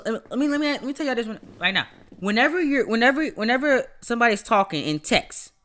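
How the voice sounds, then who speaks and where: Bright-voiced animated man ranting casually. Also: high-pitched. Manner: animated, stammers and repeats words; rants, laughs often. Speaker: podcast host. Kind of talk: casual livestream chat.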